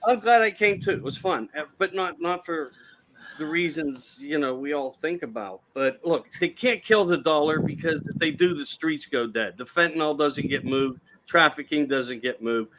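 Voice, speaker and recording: 60s guy, pretty high voice, rambles and restarts a lot, bit of hiss behind. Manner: rambling, halting with repeated starts. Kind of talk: casual political talk.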